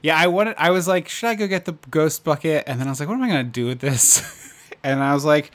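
Male podcast co-host, relaxed and chatty, quick to laugh. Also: fairly high pitch. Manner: laughs often, agreeable, frequent fillers. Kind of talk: casual chat.

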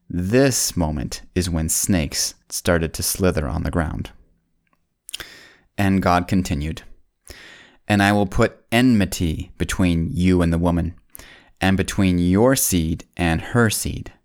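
A man narrating a Bible story for children, folksy and speaking straight to the kids, slowing down and dropping his voice on solemn points. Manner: slows down and drops low on solemn points.

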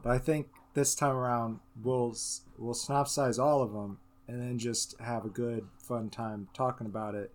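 A man's voice: mid-range voice, fairly even intonation, normal speed, few pauses, darkish tone. A man hosting a casual podcast chat, laughing often and hesitating with fillers. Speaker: podcast host.

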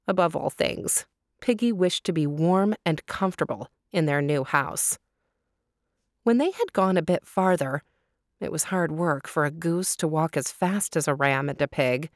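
A woman reading a storybook aloud, lively and unhurried. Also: low voice, dry recording, studio quality. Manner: slow and lively.

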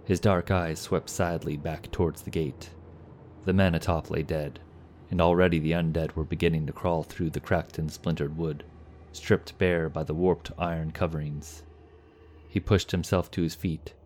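A man reading a fantasy story aloud as a narrator, in a steady, measured storytelling manner. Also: very deep voice, a little hiss or hum.

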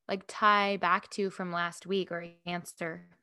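A woman's voice: fairly low pitch, little pitch movement, slow. A woman co-hosting a podcast in casual chat, rambling and giggly with lots of fillers. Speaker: podcast co-host.

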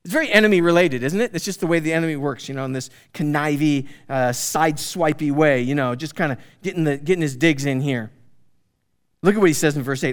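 A man teaching through a Bible passage in a conversational, animated way, often asking his listeners questions. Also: fairly high pitch, a little fast.

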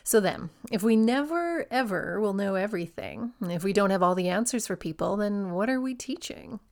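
A woman in her forties hosts a solo podcast for fellow yoga teachers. She speaks in a reflective, encouraging way and keeps turning questions back to the listener. Her voice sits at a middle pitch for a woman. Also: animated, normal speed, vocal fry.

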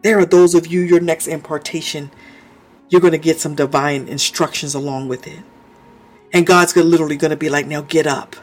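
A man's voice: fairly high pitch, fairly even intonation, brisk, faint music behind. A man preaching a sermon in a fervent way, often stopping to praise, speak in tongues and laugh.

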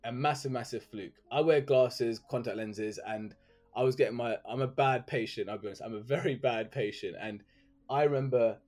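A man's voice: medium pitch, moderate pace, a little mellow, faint music behind. Young man, interview guest, loose chatty storytelling style. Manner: chatty storytelling, filler words. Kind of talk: casual interview chat.

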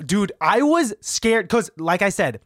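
A man co-hosting a casual podcast, excitedly retelling movie scenes and his own trips. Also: high voice, unhurried, no room sound, clean studio sound. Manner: excitable, animated retelling with laughs. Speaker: podcast co-host. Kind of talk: casual chat about a movie.

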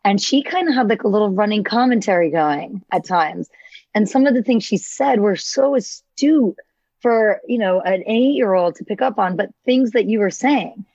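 A woman co-hosting a podcast, telling an animated story in casual chat and laughing often. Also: medium pitch, normal speed, no echo. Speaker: podcast co-host. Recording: dry, dull lo-fi sound.

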